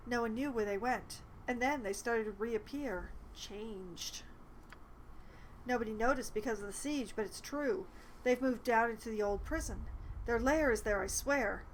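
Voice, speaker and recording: A woman's voice: on the high side, a little hiss or hum, close to an everyday voice, rough recording. A woman reading aloud the game dialogue of a frightened man who babbles anxiously about vampires hunting him.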